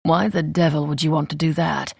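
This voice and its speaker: A woman voicing a charming, amused male suitor in a romance audiobook, speaking in a teasing, low-key way. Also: steady tone, a little fast, vocal fry, darkish tone, slightly rough, no room sound, studio quality, exaggerated voice. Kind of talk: audiobook character reading.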